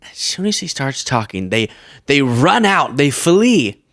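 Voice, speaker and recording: A man's voice: mid-range voice, big pitch swings, a little slow, fairly bright tone, no echo, clean studio sound. A man hosting a political commentary show, talking casually and sarcastically and often laughing.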